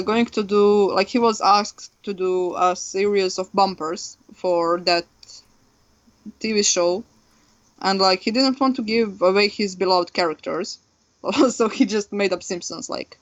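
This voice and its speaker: A woman's voice: medium pitch, measured pace. A Croatian woman co-hosting a podcast, rambling casually in English with plenty of fillers and easy laughter. Her voice sits mid-range. The recording sounds a little dull and lo-fi. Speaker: podcast co-host. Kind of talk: casual chat.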